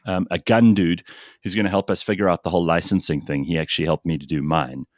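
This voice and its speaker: A man's voice: low-pitched, steady tone, fast talker, no room sound, studio quality. A man hosting a radio show from South Africa, chatting casually and with animation.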